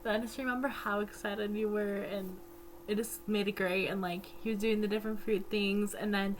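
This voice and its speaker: A woman's voice: medium pitch, steady tone, moderate pace, a little hiss or hum. A woman who works at a camp, recording a giggly, affectionate video message with many ums. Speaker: camp staff member.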